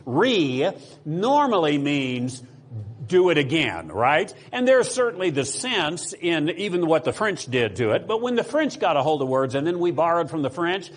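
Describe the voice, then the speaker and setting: Speaking at normal speed, an American pastor with a voice on the high side preaches in a very animated way. His sermon is casual, full of fillers and restarts, and he puts rhetorical questions to the congregation.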